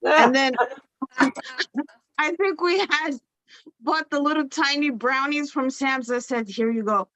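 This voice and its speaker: Animated high-voiced woman telling a story. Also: takes it slowly, pauses often, dry recording. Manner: animated, laughing, acts out quotes. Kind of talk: casual storytelling chat.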